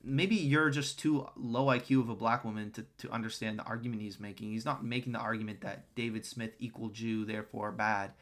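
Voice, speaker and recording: A man's voice: on the low side, steady tone, a little fast, hardly any pauses, fairly bright tone. Ranting, scornful male streamer. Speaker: streamer reacting to clips. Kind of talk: crude reaction commentary.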